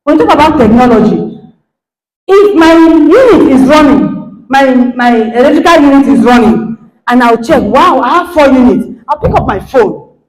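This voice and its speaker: Middle-aged Nigerian woman speaker with an expressive voice and lively pitch, recorded with roomy hall echo. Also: moderate pace. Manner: animated, acts out quoted dialogue, checks in with listeners. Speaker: guest speaker, lecturer. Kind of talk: motivational talk to an audience.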